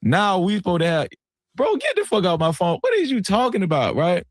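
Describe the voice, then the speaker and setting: A man's voice: high voice, huge pitch swings, brisk, no room sound, clean studio sound. A man telling a story as a guest on a live panel, rambling with restarts and acting out what others said. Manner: rambling, restarts, acts out quotes.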